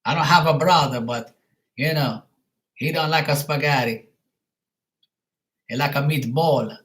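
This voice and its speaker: A man's voice: fairly high pitch, a little slow, a bit bright. A man doing a boastful Italian pizza cook. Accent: put-on Italian. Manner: jokey, broken English, asks "huh?".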